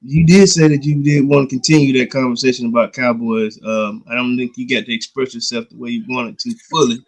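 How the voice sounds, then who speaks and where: A man co-hosting a casual sports chat, telling an animated story and acting out the dialogue, with casual, slangy speech. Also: medium pitch, a little fast, low-quality recording. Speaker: podcast co-host.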